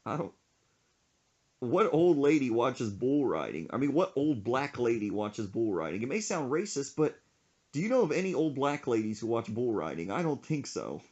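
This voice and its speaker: A man's voice: medium pitch, moderate pace, dull audio. A man hosting a casual chat podcast, telling a story with frequent laughs and acted-out quotes. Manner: animated, laughs often, acts out quotes. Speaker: podcast host.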